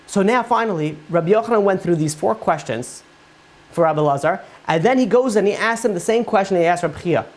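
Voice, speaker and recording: A man's voice: sits high, a little fast. A man, a rabbi, teaching a Torah class, retelling Talmud stories in a casual, conversational way with frequent fillers. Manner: casual and conversational, many fillers like "you know".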